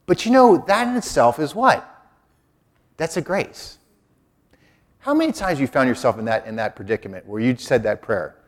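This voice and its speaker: A man's voice: mid-range voice, expressive, moderate pace, long pauses. A middle-aged man, a Catholic priest, preaching a conversational sermon and acting out quotes in different voices.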